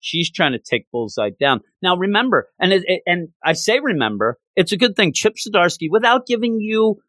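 A man's voice: high voice, big pitch swings, moderate pace, fairly bright tone, no echo. A man casually reviewing a comic book, rambling through a chatty retelling of the story with lots of fillers.

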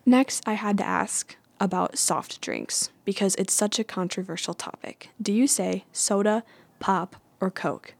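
A woman's voice: medium pitch, sing-song, measured pace, creaky, dry recording. A woman vlogging in a chatty, playful, self-mocking way. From United States. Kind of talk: casual chat.

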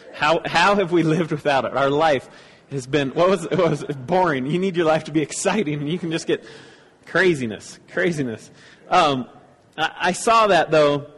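A man giving loose, casual commentary on video clips, rambling and halting with frequent restarts. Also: on the high side, fairly bright tone, in a large hall. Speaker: speaker reacting to clips.

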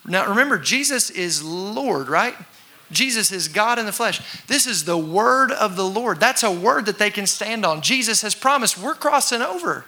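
A man preaching a sermon to a congregation, talking conversationally, acting out voices and sometimes shouting for effect. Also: high voice, lively intonation, normal speed. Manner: conversational with congregation call-and-response. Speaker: pastor.

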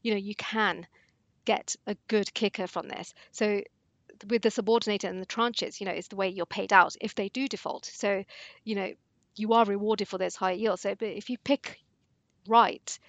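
A woman's voice: mid-range voice, steady tone, moderate pace, fairly bright tone, no room sound. A woman analyst talking through fund picks in a panel discussion, hesitant and full of "you know" fillers.

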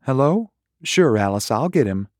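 A man's voice: medium pitch, big pitch swings, moderate pace, dry recording, studio quality, pitched above the performer's own voice, natural voice. A man voicing a playful, sleepy wife who teases her husband in the night, in a read-aloud story. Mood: teasing. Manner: playful, teasing. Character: teasing drowsy wife woken at night.

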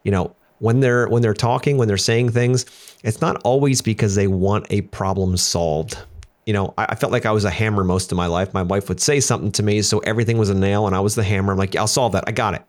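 A man's voice: fairly low pitch, fairly even intonation, brisk. A middle-aged man who runs a business, co-hosting a casual podcast and telling candid stories with acted-out quotes. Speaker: business owner and podcast co-host.

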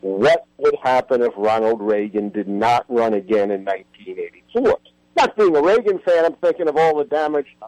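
A man's voice: medium pitch, very animated, normal speed, a little mellow, no room sound, rough recording. An older man, a history professor, telling stories with animation and emphasis as a guest in a radio interview.

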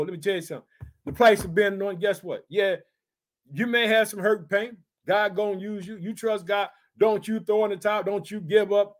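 A man preaching a sermon in an emphatic style, firing off rhetorical questions and bursts of shouting. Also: high-pitched. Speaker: pastor.

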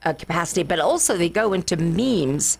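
A woman's voice: lowish voice, expressive, fairly quick, gravelly, darkish tone, slightly rough. A woman co-hosting a podcast, telling jokes in casual chat and putting on accents for the lines. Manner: tells jokes with put-on accent voices. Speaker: podcast co-host.

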